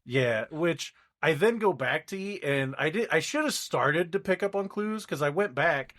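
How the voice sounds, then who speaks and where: A man's voice: on the high side, expressive, moderate pace, a bit bright. Young male podcast co-host, casual rambling storyteller who acts out each person he quotes.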